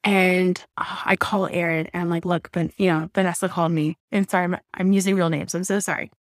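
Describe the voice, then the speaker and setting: A woman in her thirties from Southwest Florida, telling a painful personal story in a candid, emotional way, with halting restarts and blunt swearing. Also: lowish voice, fairly even intonation, no echo, clean studio sound. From Southwest Florida, USA. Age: 30s. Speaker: interview guest. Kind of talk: personal storytelling in a podcast interview.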